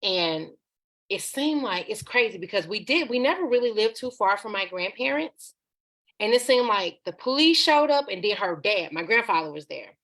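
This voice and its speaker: As a guest on a podcast, this woman tells a personal story in an open, chatty way and sometimes performs quotes. She speaks at medium pitch and a moderate pace, animated, with a slightly bright tone.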